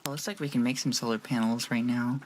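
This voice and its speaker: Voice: mid-range voice, fairly even intonation, quick pace, a little hiss or hum. A streamer from rural Washington with a Seattle accent, chatting casually while playing a game and answering chat. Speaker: gaming streamer.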